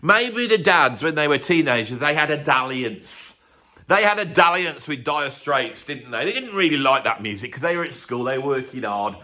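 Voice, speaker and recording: A man's voice: on the high side, expressive, normal speed, sharp tone. A man from the UK hosting a music video, rambling sarcastically in a comic monologue to camera. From United Kingdom. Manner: sarcastic, rambling, self-interrupting.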